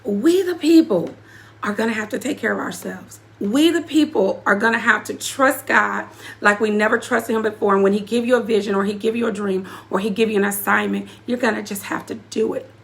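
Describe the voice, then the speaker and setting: A woman's voice: mid-range voice, fairly even intonation, fairly quick, creaky, fairly bright tone. A woman giving an emotional personal testimony as an apostle and community leader, speaking straight to her live audience and repeating key phrases for emphasis. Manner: preacherly, speaks directly to the audience.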